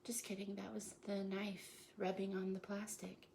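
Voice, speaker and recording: A woman's voice: medium pitch, monotone, moderate pace, creaky, darkish tone, poor audio. A woman hosting a casual live cooking show from her home kitchen, joking playfully and punning while she chops. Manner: playful, jokey, self-praising with puns. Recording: kitchen noise with chopping and clicks.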